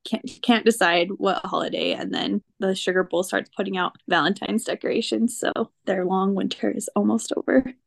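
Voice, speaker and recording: This podcast host's mid-range, gravelly voice is very animated, moving at normal speed with hardly any pauses. In casual chat she giggles often, retelling favorite cartoon scenes and imitating characters playfully.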